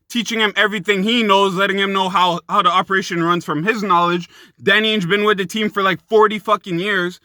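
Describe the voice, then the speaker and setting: A young man delivers a fired-up sports rant, loose and profane, calling his viewers guys and bro. His voice sits high and sounds sharply bright and forceful. The sound is close and completely dry. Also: no room sound. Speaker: sports commentary YouTuber.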